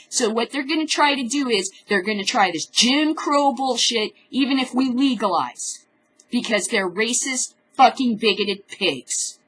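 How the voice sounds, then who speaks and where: A woman's voice: a little high, a bit bright, slightly rough, rough recording. A woman hosting a cannabis news show, reading news stories aloud and breaking off into profane, furious, sarcastic rants. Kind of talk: reading news with angry commentary.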